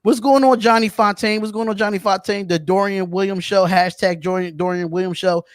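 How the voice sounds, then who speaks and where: A man hosting a casual sports talk podcast, animated and chatty, calling out to viewers. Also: high-pitched, a little fast, clean tone, dry recording, studio quality. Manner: animated, shouts out viewers, says y'all. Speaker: podcast host.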